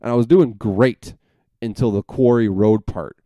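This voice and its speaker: A man's voice: medium pitch, measured pace, warm tone, no room sound. A young man hosting a podcast, telling a rambling, profane story full of self-corrections in a casual monologue. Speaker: podcast host.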